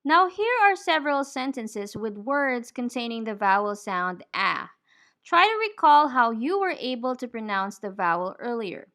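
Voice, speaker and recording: Woman teacher, bright kinda high voice, says each word slow and clear for pronunciation practice. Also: very animated. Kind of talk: English pronunciation lesson.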